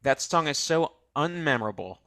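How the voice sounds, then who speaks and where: A man co-hosting a comedy show, dry and rambling with hesitant fillers, pitching a clip. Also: expressive, normal speed, fairly bright tone, no room sound. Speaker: co-host. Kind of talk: casual comedic chat.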